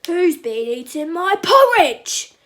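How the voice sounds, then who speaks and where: A woman voicing a big, grumpy father bear who cries out loudly and slowly in a storybook reading. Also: very high-pitched, very animated, voice pushed up, heavily acted. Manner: loud, slow, grumbling cries.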